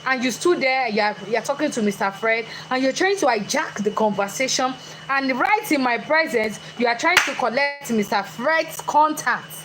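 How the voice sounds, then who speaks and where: A woman's voice: high-pitched, moderate pace, background noise. Lady giving a motivational talk, bouncy voice, talks right to the audience. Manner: animated, chatty, questions the audience directly. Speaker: motivational speaker.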